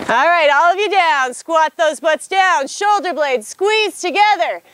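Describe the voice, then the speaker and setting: High-voiced woman leading a boot camp outdoors. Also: measured pace, a little hiss or hum. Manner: energetic, counts reps aloud, gives commands. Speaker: fitness instructor. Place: outdoors on a hilltop.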